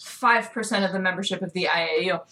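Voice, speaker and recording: A woman's voice: on the low side, quick pace, pushed and bright, distant mic. A woman co-hosting a casual podcast chat, explaining at length and laughing often. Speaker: podcast co-host.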